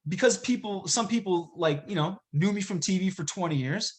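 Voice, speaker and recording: A man's voice: high-pitched, fairly quick. A man talking as a guest in a casual podcast interview, upbeat and loose, with lots of "dude" and "like". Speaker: gym owner and podcast guest.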